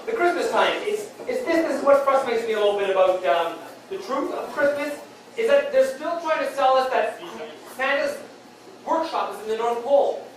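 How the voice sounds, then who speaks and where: A man doing stand-up storytelling on stage, rambling and halting, with many fillers and restarts. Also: very high voice. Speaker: stand-up comic. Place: beer hall comedy stage. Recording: very echoey hall, distant mic, faint noise.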